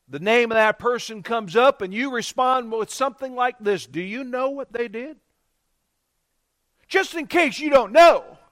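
A man's voice: very high voice, fairly bright tone, no echo, clean studio sound. A man preaching a sermon to his congregation, calling for responses and building to emphatic bursts. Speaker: pastor.

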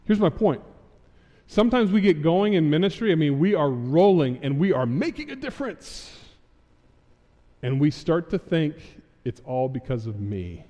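A man's voice: fairly high pitch, big pitch swings, moderate pace, dark tone, long reverb tail, highs cut off. A man preaching a sermon, acting out Bible figures in casual modern speech. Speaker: pastor. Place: church sanctuary.

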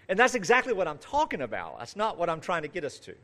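A man's voice: fairly high pitch, huge pitch swings, fast, a bit bright. A man preaching a sermon, reading scripture and then talking earnestly and conversationally, with rising and falling emphasis and lists that build in force. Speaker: pastor.

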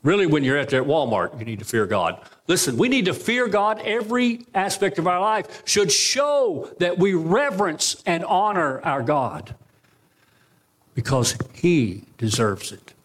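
A man with a fairly high voice preaching from the pulpit of a church. He presses the congregation with rhetorical questions, rising loud and then dropping to a hushed, slow close. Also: big pitch swings. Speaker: pastor. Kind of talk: sermon. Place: church sanctuary.

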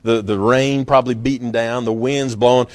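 A man preaching a sermon in a folksy, storytelling way, acting out scenes with sudden loud bursts. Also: medium pitch, fairly even intonation, moderate pace.

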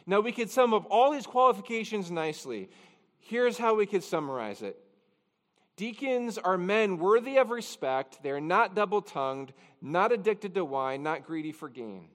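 A man's voice: high voice, long reverb tail. A man pastor preaching a conversational expository sermon, with chatty, self-deprecating asides. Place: church sanctuary.

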